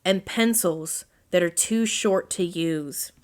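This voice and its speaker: A woman voicing a fussy, excitable male owl as she reads a children's storybook aloud. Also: slow pace. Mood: mournful. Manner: high, fretful storybook voice.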